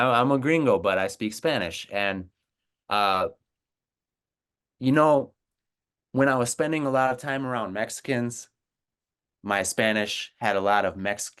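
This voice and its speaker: A man's voice: lowish voice, moderate pace, fairly bright tone, clear, resonant tone. A man from the United States, a native English speaker, talking earnestly and encouragingly with his co-host about learning languages. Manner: earnest, encouraging, repeats words. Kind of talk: casual conversation.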